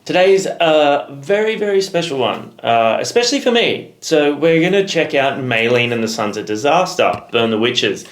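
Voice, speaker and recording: A man's voice: on the high side, very animated, normal speed, hardly any pauses. An Australian man co-hosting a music reaction video, chatting casually and swearing freely. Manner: laid-back, swears casually. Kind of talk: casual chat. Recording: roomy echo.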